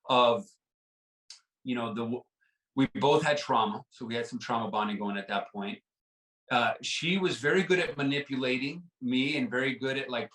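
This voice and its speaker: A man speaks with earnest, halting sincerity, circling back over his words and leaning on "like" and "right?". His voice sits at an ordinary middle pitch. He is a little distant from the mic in an echoey room. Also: fairly bright tone. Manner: earnest, repeats words, many "like" and "right?" fillers. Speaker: podcast guest. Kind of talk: personal storytelling in an interview.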